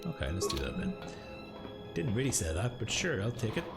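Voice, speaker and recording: A man's voice: fairly low pitch, wildly swooping pitch, a little fast. A male streamer giving casual, joking commentary while playing a video game. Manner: joking, chatty asides to the game. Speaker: gaming streamer. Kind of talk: casual let's-play commentary. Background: loud game music.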